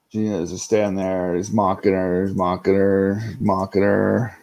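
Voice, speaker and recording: A man's voice: sits low, flat delivery, moderate pace, gravelly, darkish tone. A man hosting a casual livestream recap, rambling and swearing freely as he talks to his chat. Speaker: livestream host recapping a show episode. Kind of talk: casual unscripted live-stream chat.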